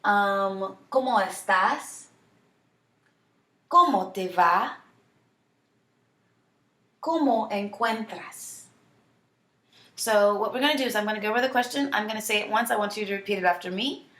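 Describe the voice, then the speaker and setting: A woman teaching a Spanish lesson from home, drawing out model phrases slowly so students can repeat them. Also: mid-range voice, a bit bright. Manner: slow, drawn-out model phrases for repetition. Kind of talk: online language lesson. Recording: echoey room.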